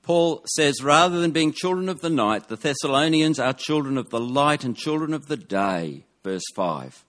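A man preaching a sermon, measured and emphatic, dropping his voice on key words. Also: on the high side, animated, a bit bright.

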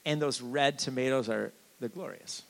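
A man giving a sermon as a guest preacher, conversational and joking, with sudden swings from quiet asides to loud declarations. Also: medium pitch, moderate pace, gravelly, poor audio. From Sicilian family.

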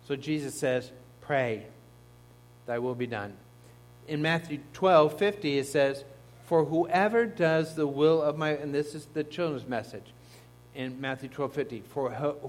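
Man preaching a conversational sermon. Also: a little high. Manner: conversational teaching with asides to the congregation. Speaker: pastor. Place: church.

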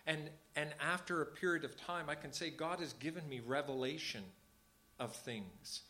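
A man's voice: on the high side, normal speed, bright, forceful tone. A man leading a small church service, talking informally and earnestly and repeating phrases for emphasis. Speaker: church leader.

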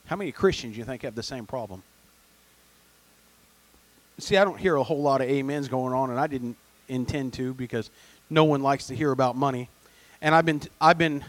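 A man delivers a church sermon, his voice sitting a little high for a man. He shifts from quiet, almost chatty asides to loud, pressing emphasis. The sound is dry and close, with almost no room around it. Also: moderate pace, pauses often, no room sound. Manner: preaching with swings from soft asides to loud emphatic peaks. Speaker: pastor.

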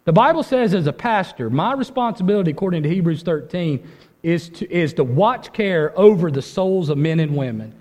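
A man preaching a sermon as pastor, urgent and conversational, dropping low then rising with force. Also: expressive, moderate pace, darkish tone, big-room sound. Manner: urgent, conversational preaching with dramatic drops and rises.

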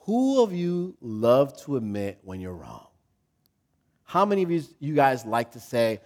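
A male pastor giving a casual, humorous sermon with dramatic swings between loud and soft. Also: medium pitch, wildly swooping pitch, measured pace.

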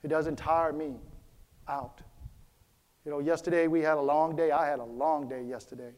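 A man's voice: fairly high pitch, fairly even intonation, moderate pace, darkish tone. A man preaching a sermon as pastor of a church, repeating his key phrases and calling out to the congregation for a response. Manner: repetitive, preacherly, calls for response.

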